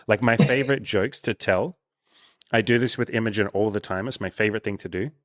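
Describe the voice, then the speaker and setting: A man's voice: lowish voice, brisk, no echo, clean studio sound. A man hosting a casual coaching interview, talking animatedly, swearing freely and acting out little bits of dialogue. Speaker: dating coach and host.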